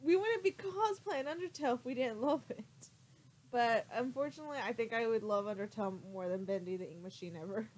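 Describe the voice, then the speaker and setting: A woman's voice: on the high side, fairly quick, a little mellow, slight background noise, rough recording. Stream co-host: a light-voiced woman, chatty and giggly, reading viewer questions between laughs. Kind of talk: casual chat.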